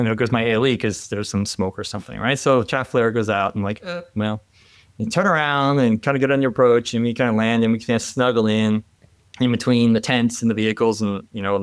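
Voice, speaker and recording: Lively storytelling man, dry sound. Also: lowish voice, fairly quick, clear, resonant tone, no echo. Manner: animated, laughing, many restarts. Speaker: guest, former military helicopter pilot. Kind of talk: casual storytelling.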